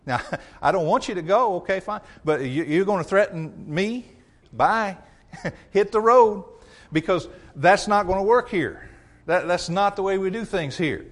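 A man's voice: high-pitched, expressive, moderate pace. A male pastor preaching a sermon in a conversational, emphatic way, often chuckling and acting out what people say.

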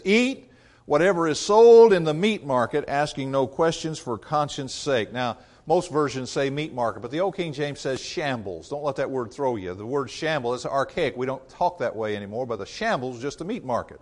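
A man's voice: mid-range voice, expressive, a little fast, few pauses. A male preacher giving a sermon in an emphatic, conversational way and coming back to the same refrain again and again.

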